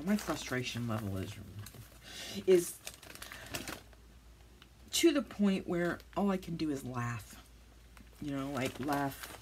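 A crafting channel host with a deep voice tells a rambling, self-deprecating story while she crafts at home for her vlog. Dogs are nearby and the background is noisy.

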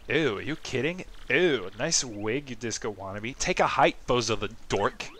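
A man's voice: mid-range voice, expressive, normal speed, fairly bright tone, lightly acted. A man voicing a sassy young female mushroom creature in a video game, snarky and blunt.

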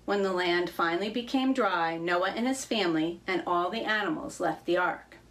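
Woman telling a fable, measured. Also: lowish voice, a bit bright, poor audio. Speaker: church reader. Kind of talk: storytelling.

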